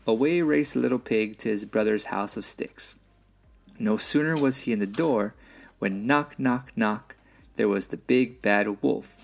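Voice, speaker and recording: A man reading a children's picture book aloud, expressive, with sound effects and sung rhymes. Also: medium pitch, creaky. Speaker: story reader.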